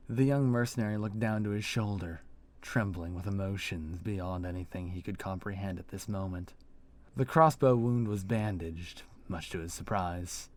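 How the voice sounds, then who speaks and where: A man narrating a fantasy story in a slow, descriptive storytelling manner. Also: sits low.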